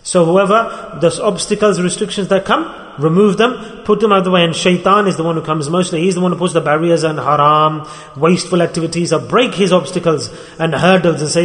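A man's voice: fairly high pitch, fairly even intonation, fairly quick, fairly bright tone. A man giving an earnest sermon as a religious teacher, repeating and stressing key phrases. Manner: earnest, repetitive, emphatic phrasing. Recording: echoey hall.

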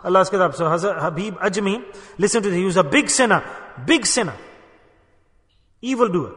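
A man's voice: high voice, expressive, fairly quick, fairly bright tone. A man preaching a sermon at a mosque gathering, impassioned and urging his listeners with rhetorical questions. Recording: reverberant hall.

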